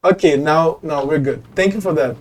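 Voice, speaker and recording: A man streaming a video game, talking to his chat in casual commentary, thinking aloud, getting excited and swearing often. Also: on the high side, moderate pace, slight background noise. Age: adult, former teacher. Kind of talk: casual live gameplay commentary.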